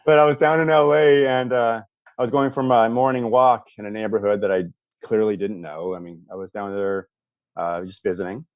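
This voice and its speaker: A man telling a story as a podcast guest, animated and acting out voices, with frequent restarts. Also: on the low side, a little fast, dry recording. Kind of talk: storytelling in a casual interview. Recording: dull lo-fi dry sound.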